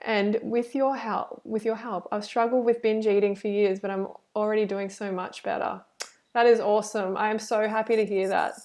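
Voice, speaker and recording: A woman reacting to a video and reading her live chat, animated and preachy, full of "like" and "you know". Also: mid-range voice, moderate pace. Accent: Australian. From Australia.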